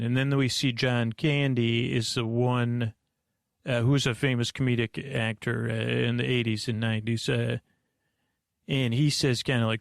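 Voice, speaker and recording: A man slowly recapping a movie plot at bedtime, meandering with lots of fillers and restarts. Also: mid-range voice, level tone, gravelly, no echo, clean studio sound. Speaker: host.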